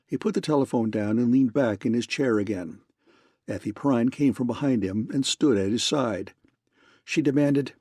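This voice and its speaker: A man narrating an audiobook in even, measured scripted narration. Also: mid-range voice, husky, dry recording, studio quality.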